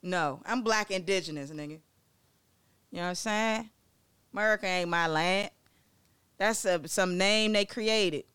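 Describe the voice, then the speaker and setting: Excitable young woman with a smooth, dry voice. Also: medium pitch, unhurried, long pauses, dry recording. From Maryland, US. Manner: excitable, joking, digressive, swears freely. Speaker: vlogger presenting facts on Black-owned businesses. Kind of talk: casual educational vlog talk.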